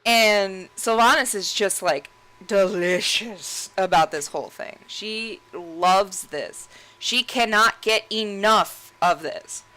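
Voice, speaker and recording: A woman's voice: medium pitch, slow pace, bright, forceful tone, rough recording. A woman gaming creator casually ranting and laughing over gameplay, rambling and swearing freely.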